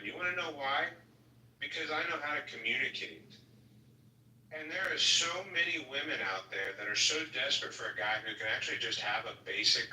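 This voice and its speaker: A man's voice: medium pitch, pushed and bright. Emphatic man giving advice. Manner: emphatic, lecturing. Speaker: host. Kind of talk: casual live audio chat. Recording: echoey, distant, faint noise.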